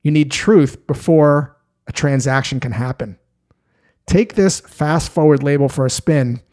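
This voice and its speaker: A man coaching salespeople with scripted tips, calm, measured and instructive. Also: on the high side.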